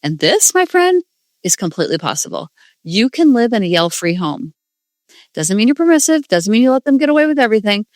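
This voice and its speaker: A woman's voice: fairly high pitch, very animated, fairly quick, dry recording. A woman hosting a parenting podcast, talking casually and earnestly, with self-deprecating asides. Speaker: podcast host, parenting coach. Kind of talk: casual solo podcast talk.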